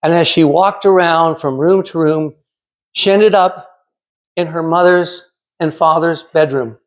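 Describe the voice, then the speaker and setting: A man in his sixties from California giving a prepared storytelling speech in a measured, dramatic way with pauses. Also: on the high side. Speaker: club speaker.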